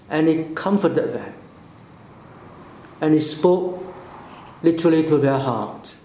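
A man preaching a sermon slowly and deliberately, with emphatic phrases that fall away at the ends. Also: on the high side, expressive, warm tone, roomy sound. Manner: slow, deliberate, with falling emphatic endings.

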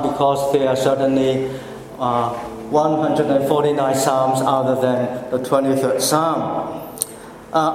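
A pastor preaching a sermon, slow and deliberate, drawing out his phrases. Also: fairly high pitch, a little mellow. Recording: echoey church hall, faint room noise.

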